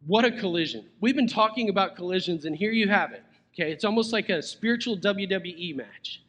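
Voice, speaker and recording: A man's voice: high-pitched, lively intonation, brisk, a bit bright. A man preaching a sermon as pastor, conversational and playful, chuckling now and then.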